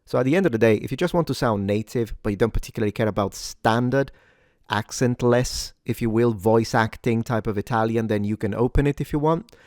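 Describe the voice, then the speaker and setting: A man hosting a pronunciation lesson, repeating words slowly and carefully and then explaining them. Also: mid-range voice, darkish tone, dry recording, clean studio sound. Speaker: pronunciation teacher, host.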